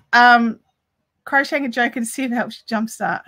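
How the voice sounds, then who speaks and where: A woman's voice: on the high side, fairly even intonation, fairly quick, bright, forceful tone. A woman hosting a crochet live stream, chatting casually and talking straight to her viewers as she reads their messages. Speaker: crochet livestream host.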